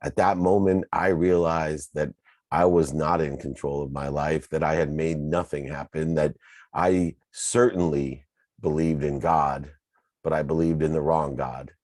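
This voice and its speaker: A man's voice: rumbling low, fairly even intonation, measured pace, darkish tone, no room sound. A man telling his own life story in an earnest, emphatic motivational talk, building his points through repeated lists. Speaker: speaker sharing his personal story.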